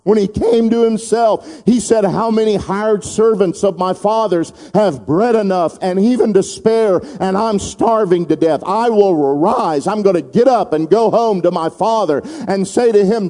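A male preacher with a high, mellow voice tells a parable in dramatic style. He calls out to the congregation to repeat lines after him. His voice rings with the long reverb of a church hall. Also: normal speed, hardly any pauses. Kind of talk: sermon.

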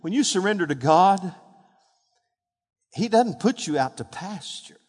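A man preaching a sermon, calling on the congregation to respond and rising to loud, emphatic peaks. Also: high-pitched, lively intonation, a little slow. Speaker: pastor. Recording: hall reverb.

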